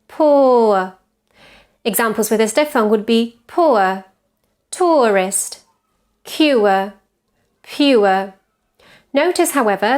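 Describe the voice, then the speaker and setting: A woman whose first language is Spanish teaches English pronunciation, modelling each vowel slowly and repeating sounds to contrast them. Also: on the high side. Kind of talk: pronunciation lesson.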